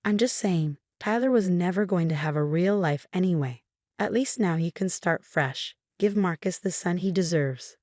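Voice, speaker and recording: A woman's voice: on the low side, moderate pace, a little mellow, dry recording, clean studio sound, close to an everyday voice. A woman reading the lines of a cold, falsely sympathetic older mother-in-law in a scripted story, her voice sugary. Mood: smugly cruel.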